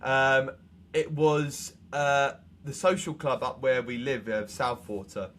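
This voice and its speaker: Young male co-host, mid-pitched and animated, easy laugh, slight background hiss. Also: takes it slowly. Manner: animated storyteller, laughs easily. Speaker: podcast co-host. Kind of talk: casual chat.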